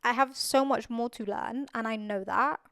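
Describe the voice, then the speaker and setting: Young woman podcaster, earnest and repeats stuff, slightly high voice, dry sound. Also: unhurried, a bit bright, dry recording. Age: young adult. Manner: earnest, repeats phrases for emphasis. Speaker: podcast host. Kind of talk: casual solo podcast talk.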